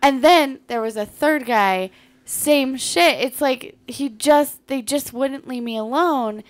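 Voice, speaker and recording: A woman comedian co-hosting a podcast, telling a story in casual chat, animated, blunt and profane. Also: sits high, slow.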